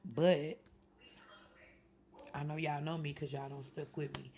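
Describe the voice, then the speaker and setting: Speaking a little slowly in a low, flat, slightly mellow voice, a middle-aged woman streams live. She keeps the conversation casual, reading chat and addressing commenters by their names.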